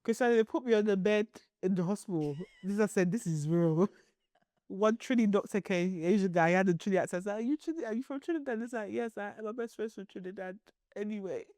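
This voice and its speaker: A woman, telling a story on a podcast in animated, laughing casual chat. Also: medium pitch, quick pace, no echo, studio quality. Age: 30s. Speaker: podcast co-host.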